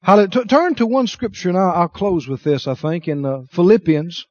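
A man's voice: high-pitched, brisk, muffled recording. A middle-aged man preaching a sermon with emphasis, calling on the congregation to answer him. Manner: emphatic, calls for congregation responses.

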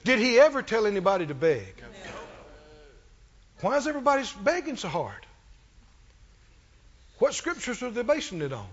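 High, animated preaching man. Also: moderate pace, pauses often, highs cut off. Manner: preaching with rising fervor and call-and-response questions. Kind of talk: sermon.

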